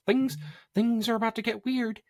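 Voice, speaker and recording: Gleeful cartoon mouse, very high falsetto, dry close recording. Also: male voice, dry recording, full character voice. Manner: falsetto, mocking.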